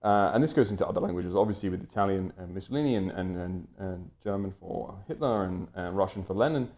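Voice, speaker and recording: A man's voice: low voice, fast talker, a little mellow. A man from Britain talking through an unscripted, lecture-style commentary, wordy and full of fillers and restarts.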